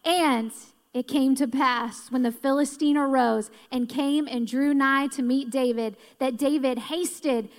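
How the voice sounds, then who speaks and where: High-voiced woman reading scripture aloud. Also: fairly even intonation, unhurried, few pauses. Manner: reads old-style verses with rising emphasis. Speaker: scripture reader. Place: church sanctuary. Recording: long church hall reverb.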